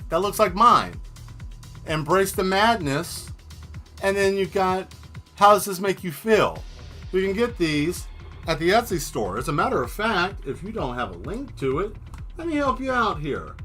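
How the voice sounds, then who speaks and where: A man with a high, bright, forceful voice chats loosely through a live drawing stream. He jokes and rambles, talking straight to the viewers in the chat. Faint music plays underneath. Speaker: livestream host painting and answering chat. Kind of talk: casual livestream chat while drawing.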